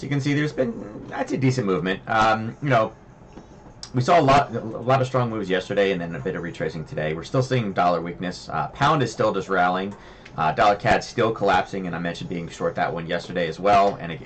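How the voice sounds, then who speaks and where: Male stream host, low and lively, loose rambling chat style. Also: slight background noise. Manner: rambling, chatty, many fillers. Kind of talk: casual livestream chat. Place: home desk.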